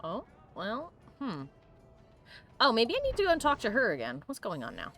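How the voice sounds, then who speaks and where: Excitable woman playing a video game. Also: on the high side, normal speed, long pauses, soft background music. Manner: giggly and excitable. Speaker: host. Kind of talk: video game let's play commentary.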